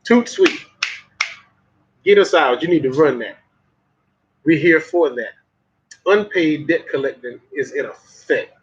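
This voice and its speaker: A man's voice: fairly high pitch, lively intonation, unhurried, pauses often, husky. A man with a Southern US accent delivering a profane, folksy motivational monologue, repeating lines for emphasis. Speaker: motivational vlogger. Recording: muffled lo-fi audio.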